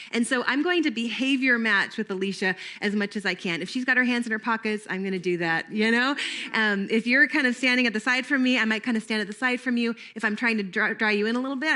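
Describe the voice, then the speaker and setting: Woman trainer, higher-pitched, bright tone, chatty workshop delivery. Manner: lively, conversational, engages audience with questions. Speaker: camp staff trainer.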